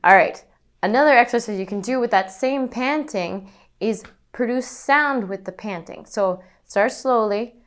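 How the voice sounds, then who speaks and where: Young female voice coach, smooth and resonant, patient step-by-step instruction with demos. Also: a little high, measured pace. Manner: instructive, demonstrates breathing and panted notes. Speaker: singing teacher. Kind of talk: vocal lesson demonstration.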